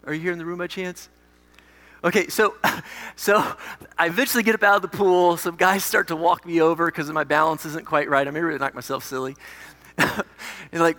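A man's voice: fairly high pitch, steady tone, a little fast, pushed and bright. A man, a pastor telling a personal story in a conversational, self-deprecating way during a sermon. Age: 40s. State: recovering from a head injury. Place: church hall. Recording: echoey hall.

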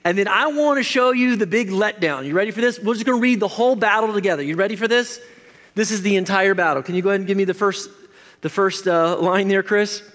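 A man preaching a sermon as a pastor, animated and jokey, often restarting his sentences as he talks to the congregation. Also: sits high, fast, in a large hall. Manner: animated, jokey, self-interrupting.

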